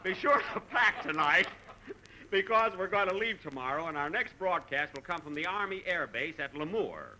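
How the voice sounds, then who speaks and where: A man hosts a 1940s radio comedy show with a very bright, ringing voice. His pitch moves around a lot, and he shifts between dry, put-upon replies and mock-dramatic storytelling. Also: sing-song, moderate pace, a little hiss or hum, poor audio.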